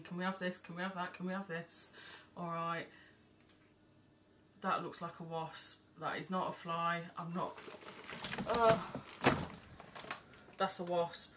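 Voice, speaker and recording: Speaking at a medium pitch with a fairly bright tone, this woman vlogger rambles through a casual home haul, swearing without restraint. Faint background noise comes through the distant mic, since she's sitting near an open window.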